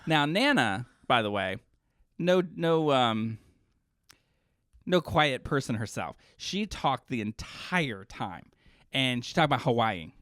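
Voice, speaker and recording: A man co-hosting a podcast, an animated, jokey storyteller who sounds exhausted. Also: mid-range voice, takes it slowly, no room sound, studio quality. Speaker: podcast co-host. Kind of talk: casual chat.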